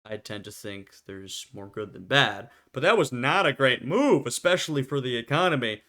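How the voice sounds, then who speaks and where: A man's voice: medium pitch, expressive, moderate pace, pushed and bright. A man hosting a history reaction video, talking casually and laughing often as he acts out short quotes.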